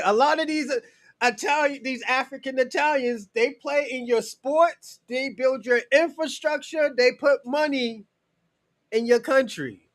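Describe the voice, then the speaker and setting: On a relaxed livestream, a man from the United States with a high voice answers his chat, swearing freely, saying "you know" a lot, and chuckling between thoughts. The audio is dry and close-up with no echo.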